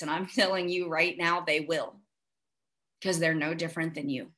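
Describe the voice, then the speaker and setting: An American businesswoman giving an emphatic motivational sales pitch over a video call, urging listeners and acting out their doubts. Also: normal speed, fairly bright tone. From United States. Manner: emphatic, urging, with acted-out asides. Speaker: guest speaker.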